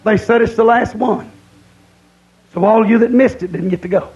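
A man's voice: sits high, normal speed, a little mellow, muffled recording. A man preaching a camp-meeting sermon, emphatic and repeating his points.

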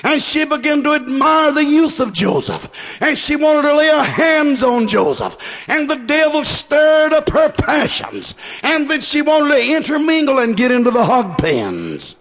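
A male preacher delivering a sermon emphatically, shouting and then dropping low. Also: sing-song, normal speed. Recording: echoey hall.

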